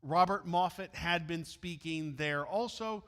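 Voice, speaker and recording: Brief: Midwestern male church storyteller, chatty asides, slightly high voice, echoey hall. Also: unhurried, fairly bright tone. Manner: friendly asides to listeners. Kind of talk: reading a missionary story aloud.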